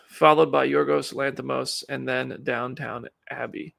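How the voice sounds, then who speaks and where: Gravelly-voiced man hosting a live stream. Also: medium pitch, steady tone, a little slow, fairly bright tone. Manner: rambling, chatty, self-deprecating. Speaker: livestream host. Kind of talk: casual live commentary.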